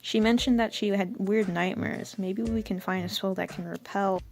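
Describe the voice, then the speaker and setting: A woman's voice: medium pitch, fairly even intonation, normal speed, creaky, darkish tone. A young woman rambling through her old comic with self-mocking casual commentary.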